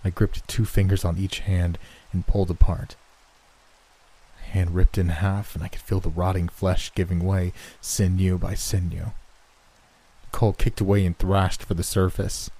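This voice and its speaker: Deep, dark-voiced horror narrator. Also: male voice, poor audio. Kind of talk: scripted first-person horror narration.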